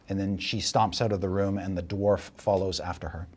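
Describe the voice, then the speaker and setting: A man narrating a tabletop game as dungeon master, describing scenes with animated energy. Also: sits low, moderate pace, breathy edge.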